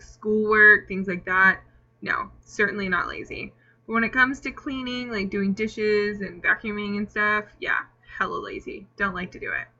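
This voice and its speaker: Bright chatty young woman vlogger. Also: medium pitch, dull audio. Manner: chatty, rambling with many fillers. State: hiccups. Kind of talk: casual Q&A tag video.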